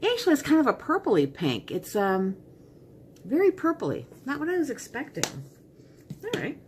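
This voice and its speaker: A woman's voice: high-pitched, wildly swooping pitch, normal speed, noisy background. A middle-aged woman chatting casually as she unboxes and tries on makeup, rambling and talking to herself. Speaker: beauty vlogger.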